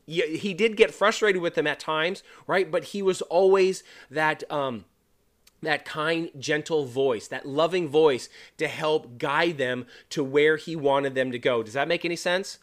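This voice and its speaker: Middle-aged male podcast host, slightly high voice, chatty Bible teaching, peppered with "right?". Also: measured pace, fairly bright tone. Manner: conversational, many fillers and "right?" tags.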